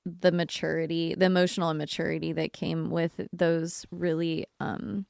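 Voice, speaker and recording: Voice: medium pitch, level tone, normal speed, creaky, a little mellow, clean tone, no room sound, studio quality. A therapist co-hosting a podcast, chatting casually, mostly agreeing in brief interjections and adding reflective remarks.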